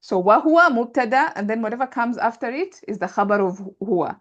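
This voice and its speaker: A woman with a somewhat high voice teaches grammar in a live online class. She explains patiently, building each point step by step with worked examples. Her voice comes through a video call. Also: animated, quick pace, dull audio.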